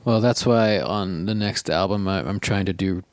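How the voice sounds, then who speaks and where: A man co-hosting a podcast, telling rambling anecdotes in a reflective, halting way. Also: sits low, no room sound. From South Africa. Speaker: podcast co-host. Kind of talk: casual storytelling chat.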